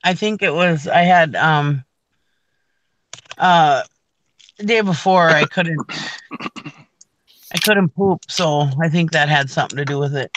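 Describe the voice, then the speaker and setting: A woman's voice: deep voice, a little slow, pauses often, a bit bright. A middle-aged woman co-hosting a casual morning show, telling a long story with lots of restarts. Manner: rambling storyteller, frequent restarts. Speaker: co-host. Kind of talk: casual chat.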